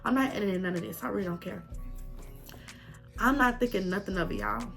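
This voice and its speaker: Young woman, tearful, crackly voice, vocal fry, heartfelt testimony, soft music behind. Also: mid-range voice, brisk. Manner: heartfelt, repetitive, addresses viewers as y'all. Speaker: vlogger. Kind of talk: emotional personal testimony vlog.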